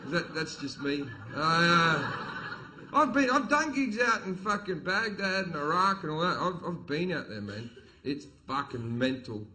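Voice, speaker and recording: A middle-aged Australian man performs stand-up storytelling at a live comedy venue with an audience, the background noisy. His fairly high voice has lively intonation and a slightly slow pace. His delivery is blunt, profane and swaggering, with acted-out quotes.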